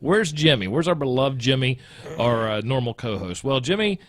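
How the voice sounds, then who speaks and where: Lively podcast host, dry room. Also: male voice, medium pitch, moderate pace, no echo. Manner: lively, animated, rambling with restarts. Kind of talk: casual chat. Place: small room, podcast studio.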